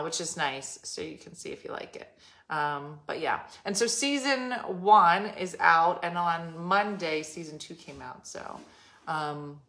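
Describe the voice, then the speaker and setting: Low-voiced chatty woman streaming live. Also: fairly bright tone. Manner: chatty and rambling, with frequent "um" and "like". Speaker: livestream host. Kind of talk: casual live-stream chat. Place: at home.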